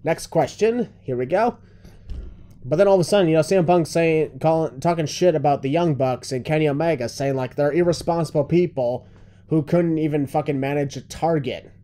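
A man's voice: on the high side, brisk, dark tone. A man co-hosting a wrestling review podcast, ranting loosely in casual chat and swearing freely. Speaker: podcast co-host.

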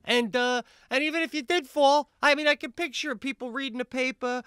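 A man co-hosting a podcast, telling a comedic story in casual chat. He talks animatedly, swears freely and jumps into high, excited outbursts. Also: moderate pace, smooth, dry recording, clean studio sound. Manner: swears freely, says "bro". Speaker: podcast co-host.

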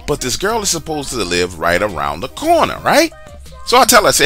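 A man's voice: mid-range voice, huge pitch swings, brisk, pushed and bright, faint music behind. A man casually telling a personal story, chatty and slangy, with asides to the listener. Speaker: storyteller sharing a true story.

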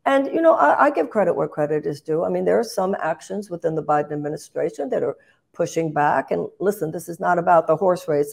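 An older woman talking politics with passion and force. Her low voice has a gravelly, fry-edged grain. She keeps restarting phrases and lifting into emphatic bursts. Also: darkish tone. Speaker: guest, political candidate. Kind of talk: impassioned political commentary.

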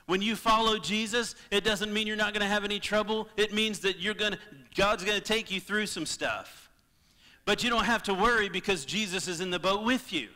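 A man preaching a sermon as pastor, impassioned, swinging between loud appeals and hushed moments. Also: sits high, brisk, big-room sound. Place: church sanctuary.

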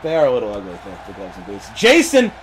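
Excitable young man calling a wrestling game. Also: on the low side, fast. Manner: laughing, excitable play-by-play. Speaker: wrestling commentator. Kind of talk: casual video game commentary.

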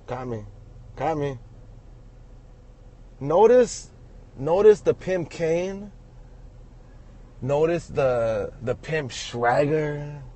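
A man's voice: on the high side, extremely slow, long pauses, warm tone. Rambling joking man filming from his truck. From Los Angeles area. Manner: joking, crude, rambling with restarts. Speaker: vlogger filming while driving. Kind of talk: rambling self-filmed commentary. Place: inside a truck, driving.

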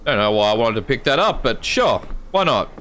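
A man's voice: mid-range voice, big pitch swings, brisk, a bit bright, a little hiss or hum. An Australian man, the host, giving jumpy, joking commentary while playing a horror game and swearing often. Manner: jumpy, swears a lot, jokes to himself. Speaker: gaming channel host.

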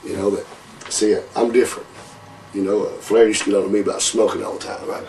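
A man's voice: fairly low pitch, quick pace, distant mic, a little hiss or hum, poor audio. An older man, telling profane wrestling stories in a casual interview and calling people brother. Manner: profane, animated, calls people brother, laughs often. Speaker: interview guest, former wrestler.

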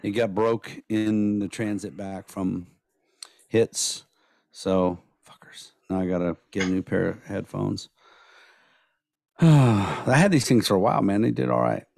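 A man co-hosting a casual podcast, rambling and blunt with plenty of swearing, his voice worn hoarse from days of nonstop talking. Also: lowish voice, lively intonation, unhurried, darkish tone, no room sound, studio quality. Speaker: podcast co-host.

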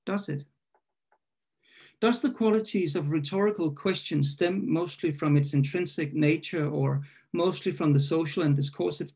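A man with a somewhat high, gravelly voice that has a husky edge reads his own poetry to an online audience. He is tentative and full of restarts when he talks about the poem. When he reads it, he turns deliberate and probing, and the sound comes through a video call. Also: a little mellow. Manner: halting and self-correcting when introducing, measured and questioning when reading. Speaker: poet reading his own work.

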